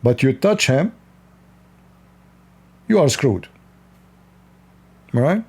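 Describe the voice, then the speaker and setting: A man's voice: medium pitch, big pitch swings, extremely slow, creaky, a little mellow, slightly rough. A man from the East, hosting a livestream and giving blunt, lecturing advice with frequent laughs. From Middle East. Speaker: livestream host. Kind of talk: casual advice talk.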